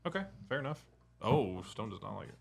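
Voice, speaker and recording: A man co-hosting a casual podcast chat over beers, jokey and quick to laugh. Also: on the low side, sing-song, vocal fry, husky. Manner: jokey, laughs often, slips into put-on accents. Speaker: podcast co-host.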